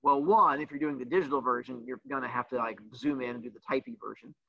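A man's voice: medium pitch, fast talker, vocal fry, sharp tone, no echo. A man teaching a livestreamed class, teasing his students in a sassy, playful way. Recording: dull lo-fi dry sound.

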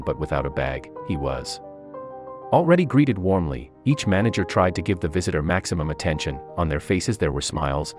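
A man with an extremely deep, low voice narrates a sentimental story in a steady, measured read. His delivery stays even and scripted from line to line, and soft music runs faintly behind him.

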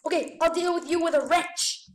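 Excitable woman doing game commentary, high voice, echoey room, mic set back. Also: normal speed, distant mic. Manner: excitable, gasping, exclaiming. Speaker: gamer. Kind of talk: gameplay commentary.

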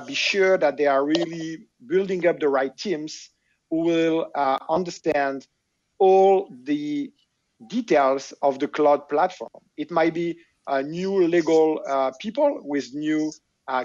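Panel guest, french-accented man, a bit high, hesitant, dull dry remote audio. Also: a little mellow, no room sound. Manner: hesitant, many filler sounds and restarts. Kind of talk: panel discussion.

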